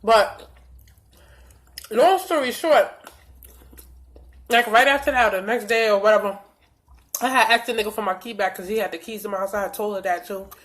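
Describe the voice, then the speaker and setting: A young woman telling a blunt, profane storytime vlog with lots of animated retelling of dialogue, a little stuffy from allergies. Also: mid-range voice, moderate pace, pauses often. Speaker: vlogger.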